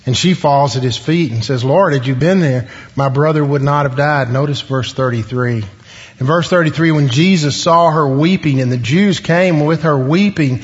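A man preaching a sermon, asking the congregation questions and pausing for emphasis. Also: medium pitch. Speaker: pastor. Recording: dull sound with long hall reverb.

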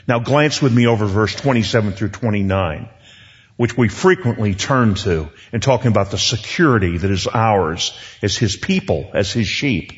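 An older man preaching a sermon, pressing his points by repeating words. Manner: emphatic, repeats words for stress. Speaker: pastor. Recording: long reverb in a dull low-fi recording.

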